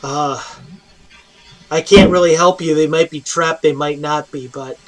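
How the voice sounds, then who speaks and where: A man's voice: a little high, steady tone, measured pace, lightly acted. A man voicing a weary human prisoner who rambles, hesitates and pleads in a tabletop game.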